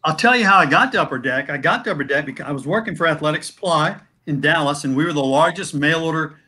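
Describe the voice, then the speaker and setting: Plain-spoken man with a slightly high voice, bright in tone, telling a career story in casual roundtable chat. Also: quick pace. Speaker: former sales manager, guest.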